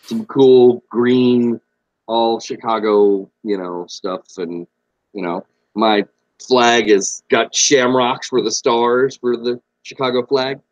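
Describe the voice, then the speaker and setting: A man's voice: medium pitch, fairly even intonation, slow pace, dry recording, highs cut off. A young man co-hosting a podcast, laid-back and blunt, swearing freely in casual chat. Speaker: podcast co-host.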